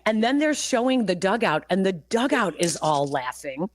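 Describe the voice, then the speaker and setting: A woman hosting sports talk radio, telling stories in a relaxed way and laughing at the funny parts. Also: medium pitch, normal speed. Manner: storytelling, laughing through anecdotes. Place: radio studio.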